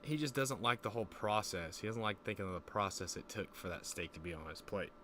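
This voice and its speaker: A young man casually chatting on a stream, telling a story in a rambling, profane way and breaking into lively voices when he quotes people. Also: lowish voice, fairly quick, slight background noise. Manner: rambling, profane, animated quoting.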